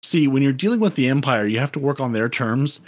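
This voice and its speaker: A man's voice: mid-range voice, lively intonation, fairly quick. A man hosting a casual gaming podcast, playful and rambling, often repeating words as he goes. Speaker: podcast host.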